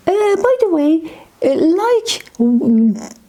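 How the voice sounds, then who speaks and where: A woman with a Persian accent gives a slow, patient beginner lesson. She repeats each letter and word, and her voice sounds mellow and dark. Her speech is measured and unhurried. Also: high-pitched, sing-song. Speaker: Persian language teacher.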